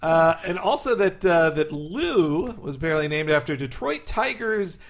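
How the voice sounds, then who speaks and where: Man, podcast co-host, slightly high pitch, eager trivia-sharing chat style. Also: animated, normal speed. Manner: enthusiastic, laughs often, quotes lines. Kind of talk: episode commentary podcast chat.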